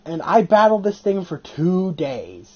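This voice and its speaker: A video host telling stories in an excitable casual chat, swearing often. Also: medium pitch, measured pace, muffled recording. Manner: animated, excitable storytelling with frequent swearing.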